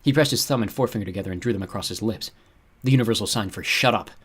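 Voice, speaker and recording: A man's voice: lowish voice, very fast, slightly rough. A man narrating an audiobook, telling the story expressively and voicing its characters. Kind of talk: scripted narration.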